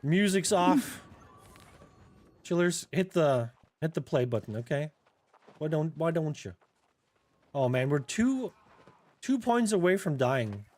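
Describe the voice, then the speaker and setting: A man streaming a game, giving profane, trash-talking, excitable commentary on the match. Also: fairly high pitch, takes it slowly, long pauses. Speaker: gaming streamer. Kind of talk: live gameplay commentary.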